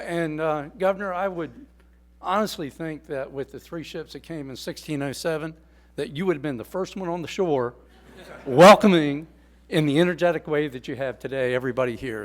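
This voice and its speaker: A fire chief addresses the crowd from a podium in a folksy, joking way. His voice sits slightly high for a man, and his delivery halts often on hesitant fillers. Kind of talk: public speech at a podium.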